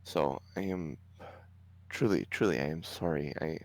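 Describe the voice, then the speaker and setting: A man's voice: a bass voice, a little slow, no echo. A man voicing a timid, remorseful male gnome king who stammers apologies.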